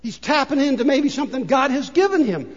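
An older man preaching a sermon as a pastor, swinging between loud emphasis and hushed asides. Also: very high-pitched, expressive, fairly quick. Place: church sanctuary. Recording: dull reverberant church recording.

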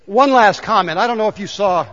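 A man's voice: high voice, fairly quick, fairly bright tone. A man preaching a sermon to his congregation, building to emphatic calls and telling a joke along the way. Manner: rises to emphatic calls to the congregation, tells jokes. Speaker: pastor. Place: church sanctuary. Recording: dull sound with long hall reverb.

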